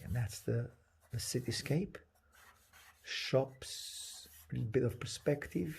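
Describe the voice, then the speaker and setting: A man giving a live painting demonstration, soft-spoken, thinking aloud, and often dropping to a whisper as he works. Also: mid-range voice, vocal fry, a little hiss or hum. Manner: halting, thinking aloud with restarts. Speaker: painting teacher.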